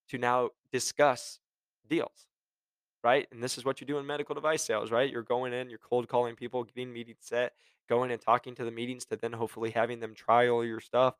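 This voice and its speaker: Young man, energetic casual talk, sales advice vlog, middle pitch, dry close sound. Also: dry recording. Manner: energetic, conversational, acts out phone calls; admits he gets passionate and curses. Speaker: medical device sales rep sharing advice.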